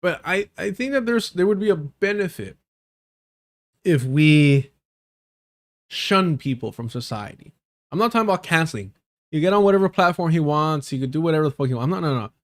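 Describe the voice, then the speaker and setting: A man's voice: fairly high pitch, animated, brisk. Profane, emphatic man hosting a stream. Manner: blunt, profane, emphatic, repetitive. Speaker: live stream host. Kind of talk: casual commentary while reacting to clips.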